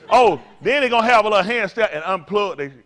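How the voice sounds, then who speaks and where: An older man preaching to a congregation, in a folksy, playful way with sudden loud bursts. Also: high-pitched, lively intonation, quick pace. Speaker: pastor.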